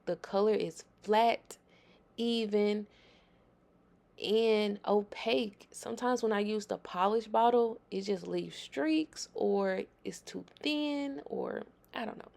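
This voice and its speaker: A woman's voice: medium pitch, takes it slowly, vocal fry, a little mellow. A woman hosting a nail tutorial, talking viewers through her work in a chatty, emphatic voice-over.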